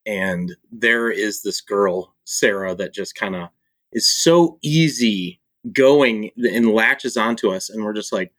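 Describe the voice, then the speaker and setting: A man's voice: fairly low pitch, a bit bright, no echo. Self-deprecating man, dry close voice. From Michigan. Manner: laughing, self-deprecating, halting with fillers. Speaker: guest, author and publisher. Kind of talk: casual conversation.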